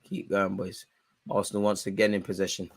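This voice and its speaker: Man, watch-along host, live football commentary, animated, prone to yelling. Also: fairly quick, breathy edge. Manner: animated, shouts at the referee, spikes in pitch and volume.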